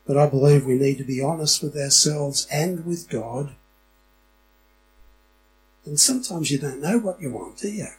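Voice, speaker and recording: A man's voice: a little high, moderate pace, pauses often, a little hiss or hum, low-quality recording. A middle-aged man preaching a sermon in a church, chatty and often asking the congregation questions. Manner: conversational, asks the congregation questions. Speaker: pastor.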